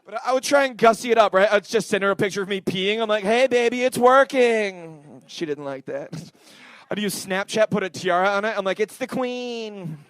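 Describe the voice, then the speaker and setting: High-voiced young Canadian comic on stage. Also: male voice, a little fast, fairly bright tone, no echo. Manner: rambling, self-deprecating, riffing with the crowd. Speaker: stand-up comedian. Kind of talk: stand-up set. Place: comedy club stage.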